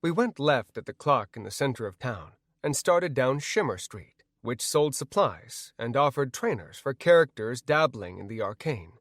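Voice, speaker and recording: A man narrating an audiobook in the first person, with expressive storytelling. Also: mid-range voice, moderate pace, hardly any pauses, no room sound, studio quality.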